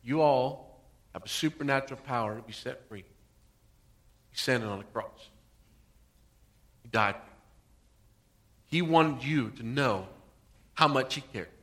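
Man, pastor, sermon, bright forceful tone, dramatized quotes. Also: medium pitch, a little slow, pauses often. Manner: preaching with dramatized quotes, swings from soft to loud.

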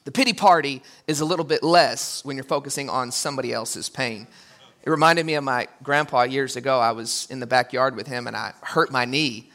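Bright-voiced animated male pastor. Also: fairly quick. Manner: animated, acts out quotes with big pitch jumps. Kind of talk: sermon.

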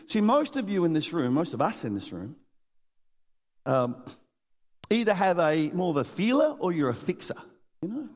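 A man preaching a sermon, his fairly high voice carrying a long reverb through a large hall. He is animated, acting out the people in his stories and laughing often as he speaks to the congregation. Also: moderate pace, long pauses. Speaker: pastor. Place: church hall.

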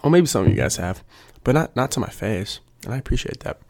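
A man's voice: mid-range voice, sing-song, fast talker, creaky, a little mellow. A young adult man, a PE teacher, rambling in a casual, jokey monologue and working himself up. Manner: jokey, self-mocking, gets worked up.

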